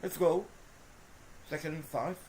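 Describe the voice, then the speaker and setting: A woman commentating her own video game play, swinging between frustrated groans and shouted cheers, talking to the players and to her viewers. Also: deep voice, fairly even intonation, unhurried, slight background noise. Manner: talks to the players and to viewers as folks. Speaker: gaming video host. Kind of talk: live gameplay commentary.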